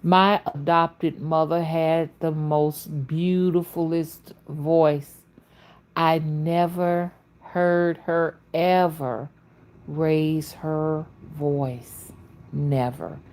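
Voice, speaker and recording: Woman host, spiritual reader on a livestream: soothing, melodic, lowish voice, slow, unhurried delivery. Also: fairly even intonation, darkish tone. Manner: unhurried, talks to viewers by name, folksy asides. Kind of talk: casual livestream chat.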